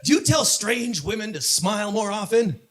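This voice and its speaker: A man from Southern California doing a stand-up comedy set on a club stage, punchy delivery that builds to shouted punchlines. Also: sits high, very animated, normal speed, noisy background.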